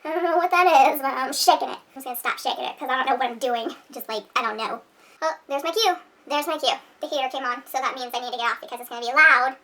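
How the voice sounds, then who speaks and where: A woman's voice: high-pitched, fast, bright, forceful tone, recorded from a distance. A woman vlogger rambling in home outtakes, giggling and poking fun at herself, a little off-mic at home. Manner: giggly, rambling, self-deprecating. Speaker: beauty vlogger. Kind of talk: rambling outtake chatter to camera. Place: room at home.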